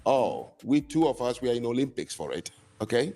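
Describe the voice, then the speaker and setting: A man's voice: mid-range voice, big pitch swings, fairly quick, mellow. Guy from africa on a stream panel, sardonic, ticks off points one by one, faint music behind. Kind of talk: casual live-stream debate.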